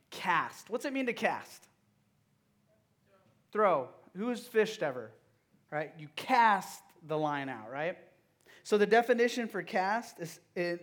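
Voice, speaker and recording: Higher-voiced man preaching to youth. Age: young adult or middle-aged father of a toddler. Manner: engaging, asks the audience direct questions; swings between loud emphasis and hushed, quiet moments. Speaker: youth pastor. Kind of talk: sermon.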